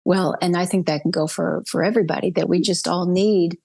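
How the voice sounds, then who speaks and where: A woman's voice: lowish voice, fairly even intonation, brisk, creaky, a little mellow. Rambling woman interview host. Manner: rambling, hesitant, many fillers. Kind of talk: interview questions.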